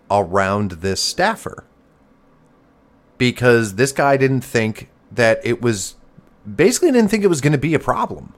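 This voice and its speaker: Midwestern man, podcast co-host, low voice, laughs a lot, sarcastic banter. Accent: Midwestern American. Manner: laughs often, jokey and sarcastic. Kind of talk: casual chat.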